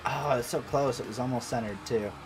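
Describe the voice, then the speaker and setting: A man rambles through a cooperative farming stream, swearing casually and trading banter with his teammates. His pitch sits in a middle range, and faint music plays under the talk. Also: a little fast. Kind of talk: casual gameplay chat.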